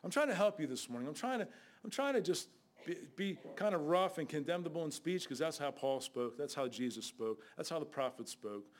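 A man's voice: on the high side, lively intonation, fairly quick. A man preaching a sermon in a blunt, conversational way, with sudden outbursts.

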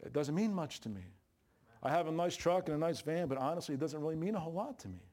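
A man's voice: fast talker, a little mellow. Folksy, emphatic male preacher. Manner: folksy, emphatic preaching with sudden pitch jumps and laughs. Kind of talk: sermon.

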